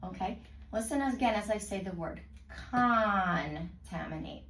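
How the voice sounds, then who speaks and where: A woman tutoring a student in reading, praising often and sounding out words slowly in parts. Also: mid-range voice, a little mellow, a little hiss or hum. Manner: slow, clearly segmented word pronunciation. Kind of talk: one-on-one reading lesson. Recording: roomy sound from a distance.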